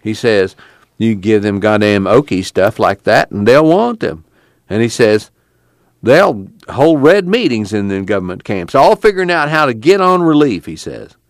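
A man's voice: fairly low pitch, big pitch swings, moderate pace, no echo, studio quality. Man playing a tubby, cussing migrant. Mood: indignant. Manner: rambling, profane storyteller. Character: tubby, talkative male migrant worker.

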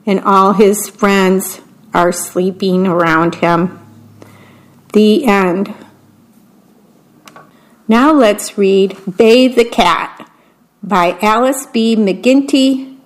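A woman reading picture books aloud, gently describing the pictures between the verses. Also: medium pitch, rough recording. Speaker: storybook reader.

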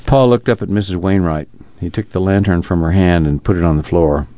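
A man announcing and reading an audiobook aloud on a radio reading service, in a measured, plain manner, in a dull lo-fi recording. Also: low voice, warm tone, no room sound.

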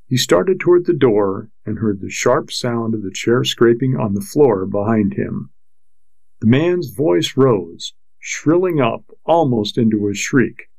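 A man narrating a novel in a measured, unhurried storytelling manner. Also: mid-range voice, expressive, creaky, a little mellow, no echo, rough recording. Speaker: audiobook narrator. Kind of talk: scripted narration.

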